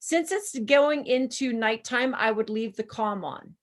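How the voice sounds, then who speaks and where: A woman with a slightly high voice talks casually over a video call, laughing often as she tells stories. She coaches listeners through steps in an easy, chatty way. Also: measured pace. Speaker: presenter guiding users. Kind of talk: casual chat.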